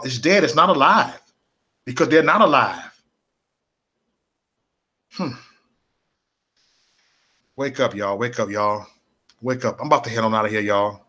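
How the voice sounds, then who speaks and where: A man's voice: medium pitch, fairly bright tone. A man hosting a casual political livestream, speaking in a repetitive, preachy, rallying way and answering viewers' comments.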